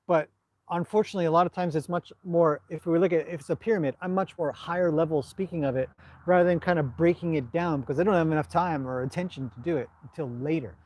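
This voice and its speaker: A man with a Canadian accent, hosting a casual live stream and reading out viewer comments in a relaxed, rambling way. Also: fairly high pitch, fast. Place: outdoors at a stable in the evening.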